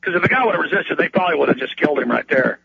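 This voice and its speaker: A high-pitched male radio host in heated talk-radio commentary, piling up restarts and mocking asides. His voice comes through muffled and dull over a phone line, with faint noise behind it. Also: expressive, creaky. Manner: rapid, repetitive restarts, mocking put-on quotes.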